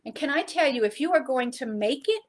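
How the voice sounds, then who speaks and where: A middle-aged woman teaches a Bible study in an earnest sermon style. Her voice sits somewhat high, and she stresses key phrases before dropping to a soft, low close. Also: lively intonation, brisk. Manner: earnest, preaching with emphatic rises and soft drops.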